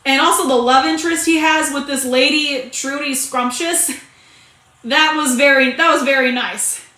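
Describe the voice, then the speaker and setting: A woman's voice: high-pitched, steady tone, moderate pace, sharp tone. A woman giving a casual spoken movie review, chatty and rambling, often restarting her sentences and laughing. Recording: echoey room.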